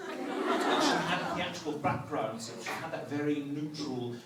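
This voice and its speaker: A man's voice: on the high side, sing-song, moderate pace. A man from Texas with a neutral American accent, a voice actor joking with fans during a convention Q&A panel. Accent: none, neutral American. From Texas, USA. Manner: playful, joking, calling on fans. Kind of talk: lively fan Q&A banter. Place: large convention hall. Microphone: handheld phone in the audience. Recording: echoey hall, far phone mic, noisy crowd.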